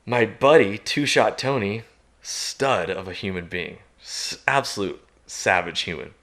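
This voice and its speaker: Animated man telling a hunting story. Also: measured pace. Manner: lively, laughing, jumps into loud high shouts when acting out the story. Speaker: podcast guest.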